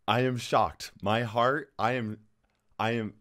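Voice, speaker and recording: A man's voice: mid-range voice, a bit bright. A man vlogging for his gaming channel, talking straight to camera in an anxious, rambling way, with nervous laughs and frequent restarts. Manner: restless, with frequent restarts and fillers. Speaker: gaming YouTuber. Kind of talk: casual talking-head vlog.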